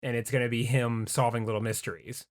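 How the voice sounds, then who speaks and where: A man co-hosting a podcast in casual chat, talking haltingly with many stumbling restarts. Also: mid-range voice, little pitch movement. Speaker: podcast co-host.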